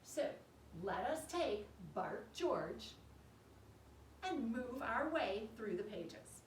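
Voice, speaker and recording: A woman teaching yoga to young children, reading a story aloud and guiding poses gently, making animal sounds along the way. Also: a little high, expressive, extremely slow. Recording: roomy echo, distant mic, faint background noise.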